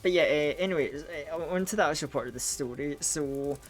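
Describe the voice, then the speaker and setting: A man's voice: fairly high pitch, brisk, faint music behind. A man streaming a game, chatting casually and rambling with lots of restarts while groggy from a cold. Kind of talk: casual live gaming stream chat.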